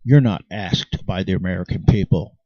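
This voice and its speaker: A man's voice: low-pitched, moderate pace, mellow, dry recording. A man delivering an impassioned, insistent monologue to his viewers, often restarting his sentences. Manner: emphatic and insistent, with frequent restarts. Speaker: channel host. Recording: dry, dull lo-fi sound.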